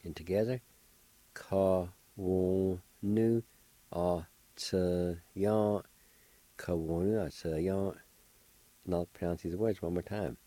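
A man's voice: low-pitched, normal speed, warm tone, dry recording, rough recording. A middle-aged man, patiently spelling and pronouncing words as a radio language teacher. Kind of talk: slow spelling and pronunciation lesson.

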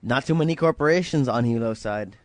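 A man's voice: medium pitch, fairly quick, no room sound. A man from Hawaii, co-hosting a prank call podcast with goofy, rambling, crude jokes. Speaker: podcast co-host.

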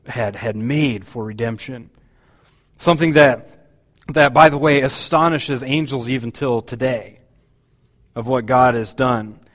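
A man's voice: medium pitch, in a large hall. A man preaching a sermon as pastor, talking in a conversational, hesitant way with many fillers.

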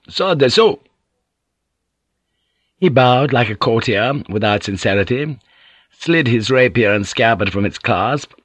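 Low-voiced man narrating a novel. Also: fairly bright tone, no room sound. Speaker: audiobook narrator. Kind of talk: scripted narration.

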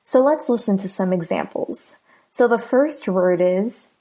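An American woman teaching English pronunciation, patiently repeating each word slowly and clearly. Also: medium pitch, lively intonation, warm tone. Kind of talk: slow, clear pronunciation lesson.

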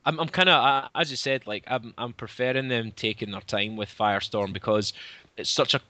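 Guy, lowish voice but bright and forceful, dry close sound. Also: brisk, no echo. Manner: hesitant, searching for words. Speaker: podcast co-host. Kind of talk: casual fan discussion.

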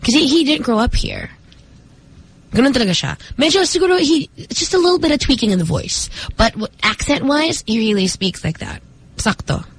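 A woman co-hosting a radio talk show, with a smooth announcer delivery and some Tagalog mixed into her English. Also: on the high side, sing-song, fairly quick, a little hiss or hum. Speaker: radio co-host. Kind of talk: casual radio banter.

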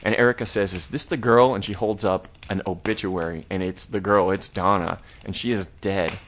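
A man's voice: low voice, steady tone, normal speed, a bit bright, a little hiss or hum. A man co-hosting a horror review podcast, recapping an episode in a rambling, laid-back way with the odd curse. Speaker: podcast co-host. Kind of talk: casual plot recap.

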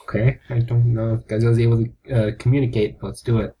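A man's voice: medium pitch, level tone, fast, dark tone, slightly rough. A man co-hosting a casual comedy podcast, loose and rambling. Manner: loose, rambling, fumbles words. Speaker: podcast co-host.

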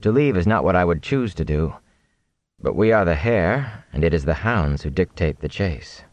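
A man doing a calm, commanding sorceress. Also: low voice, no echo, highs cut off. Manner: unhurried, composed.

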